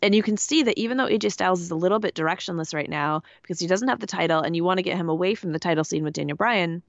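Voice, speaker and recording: Woman podcast co-host, rambling casual chat, lowish voice, dull dry sound. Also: racing, gravelly, no echo. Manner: chatty, rambling, many fillers.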